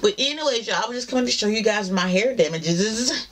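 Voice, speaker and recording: A woman's voice: fairly high pitch, animated, brisk, a little hiss or hum. A woman with a Southern US accent chatting casually to her camera at home, drawling asides to her viewers. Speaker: vlogger. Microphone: camera mounted up high.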